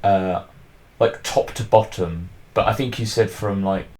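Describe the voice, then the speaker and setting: A man's voice: lowish voice, fairly even intonation, unhurried, darkish tone. A man hosting a podcast, chatting casually and rambling with lots of restarts and fillers. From England. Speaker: podcast host.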